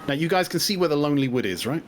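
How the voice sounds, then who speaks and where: A man running a tabletop game as game master, narrating in a relaxed, chuckling way. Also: fairly high pitch, rapid-fire, soft background music.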